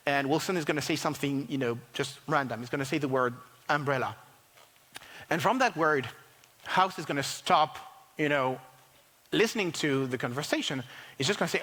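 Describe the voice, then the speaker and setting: Animated man giving a talk in a hall. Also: fairly high pitch, moderate pace, long pauses. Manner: animated, many fillers and restarts. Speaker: conference speaker. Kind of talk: tech conference talk. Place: large conference hall.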